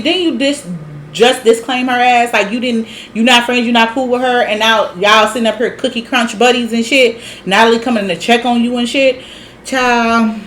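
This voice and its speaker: A woman's voice: fairly high pitch, fairly bright tone, a little hiss or hum. A woman recapping a reality TV episode in a sassy, gossipy, profane way, with laughs and side comments. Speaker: reality show recap host.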